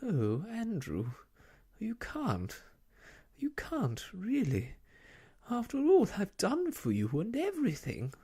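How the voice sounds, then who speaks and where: A soft-spoken ASMR reader voicing a fussy, haughty older woman dog owner, prim and scolding, in a storybook. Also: wildly swooping pitch, slow pace, gravelly, slightly rough, full character voice. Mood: tearful. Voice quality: shrill, high and fluttery. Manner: prim, scolding, easily tearful.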